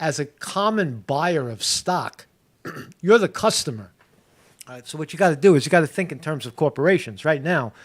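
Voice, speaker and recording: A man's voice: medium pitch, gravelly. A man hosting a casual morning livestream, rambling loosely with many fillers and restarts and greeting viewers in the chat by name. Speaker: livestream host.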